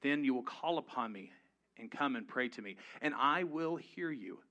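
A man's voice: medium pitch, animated, moderate pace, pushed and bright, highs cut off. A man preaching a sermon to his congregation, conversational and humorous, rising to emphatic peaks. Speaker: pastor. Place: church before a live congregation.

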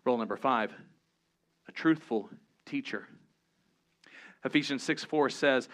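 A man preaching a sermon, earnest, switching between low emphatic points and lively storytelling. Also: unhurried, long pauses. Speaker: pastor.

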